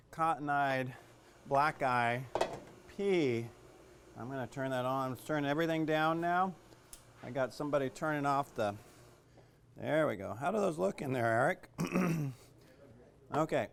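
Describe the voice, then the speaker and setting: A man's voice: on the high side, clean tone. A man teaching a cooking class in a kitchen, chatty and joking, with lots of fillers. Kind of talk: casual cooking demonstration.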